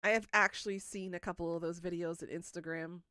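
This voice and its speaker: A woman's voice: fairly low pitch, steady tone, a little fast, pushed and bright, clear, resonant tone, no echo, studio quality. A woman in her thirties hosting a livestream, chatting casually and teasing her viewers as she answers them. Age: 30s. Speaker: livestream host. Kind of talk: casual chat with live viewers.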